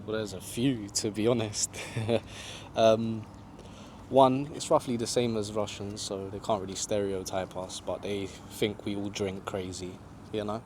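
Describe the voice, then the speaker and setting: Laid-back man, low voice. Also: steady tone, unhurried, a little mellow, a little hiss or hum. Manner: laid-back, conversational, lots of "you know". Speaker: travel vlogger being interviewed. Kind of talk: casual outdoor interview. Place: outdoors in a city park.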